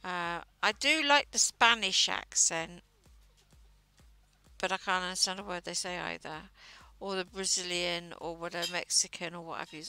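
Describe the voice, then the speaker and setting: A woman's voice: lowish voice, pushed and bright. A woman livestreaming while she knits, chatting casually in a rambling way with plenty of fillers. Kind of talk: casual chat while knitting. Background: faint music.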